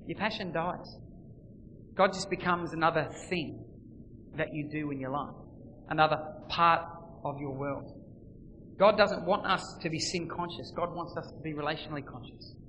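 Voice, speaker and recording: A man preaching a sermon, swinging between loud emphasis and quiet, intimate lines. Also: fairly high pitch, normal speed, a little hiss or hum. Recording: long reverb, faint ambience.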